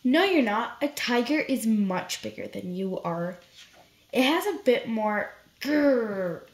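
A woman's voice: fairly high pitch, lively intonation, slow pace. Woman doing a scoffing storybook animal. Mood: mocking. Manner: scoffing, mocking. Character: doubting, teasing storybook animal. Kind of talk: storybook read-aloud. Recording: roomy echo.

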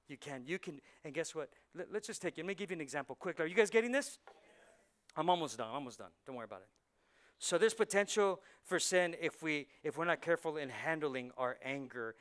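A male pastor preaching a sermon, moving between hushed, intense passages and loud, driving preaching, and slipping Spanish words into his English. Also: on the high side. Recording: church sermon on a live mic.

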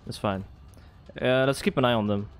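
A man giving casual live gameplay commentary as a streamer, excitable, swearing and laughing often. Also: mid-range voice, normal speed, music in the background. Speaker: gaming streamer.

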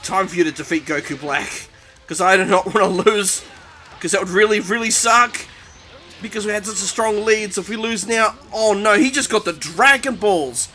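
Excitable man commentating his gameplay. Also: high voice, normal speed. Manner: excitable, panicky exclamations and self-mocking. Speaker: gaming commentator.

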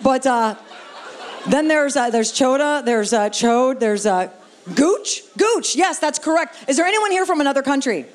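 A brash, high-pitched woman working a comedy crowd on a handheld stage mic. Her set is playful and loose, with frequent swearing and direct banter with the audience. A faint hum of room ambience sits behind her. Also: lively intonation, moderate pace. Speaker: stand-up comedian. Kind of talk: stand-up set, crowd work. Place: live comedy venue with audience.

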